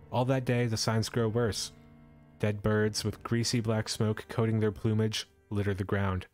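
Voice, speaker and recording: A male streamer with a lowish, darkish voice reads a storybook aloud to his live stream, faint music playing beneath him. He breaks up the narration with playful, jokey asides and laughter.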